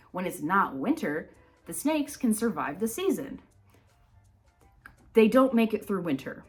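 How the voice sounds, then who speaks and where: Woman, from Minnesota, casual educational vlog host, chatty, rambling, low-pitched, soft music behind. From Minnesota, United States. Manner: rambling, chatty storyteller who wanders off topic; laughs often while talking. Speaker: reptile channel host.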